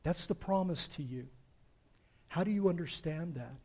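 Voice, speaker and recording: A man's voice: fairly high pitch, normal speed, warm tone, slightly rough. A man preaching a sermon as pastor, earnest and building to emphatic swells.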